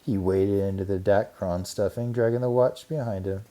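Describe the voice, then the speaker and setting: A man gently and expressively narrating a children's storybook. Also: on the low side, fairly even intonation, normal speed. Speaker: audiobook narrator.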